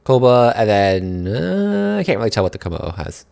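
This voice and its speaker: A man from New England giving casual, rambling gaming commentary on a call, repeating words and getting excited over the plays. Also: lowish voice, moderate pace, vocal fry, clear, resonant tone.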